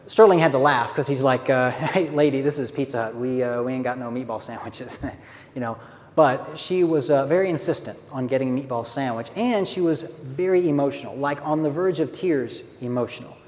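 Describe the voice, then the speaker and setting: A man's voice: mid-range voice, a little mellow. A man telling a story in a conversational, earnest way, sometimes giving a brief laugh. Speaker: speaker, author. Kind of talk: storytelling talk. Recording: long reverb, faint background noise.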